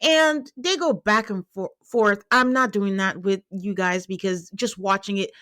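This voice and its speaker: A woman's voice: medium pitch, unhurried, a bit bright, no room sound, studio quality. A woman hosting a podcast, recapping a reality show in casual chat, laughing often and acting out quotes. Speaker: podcast host.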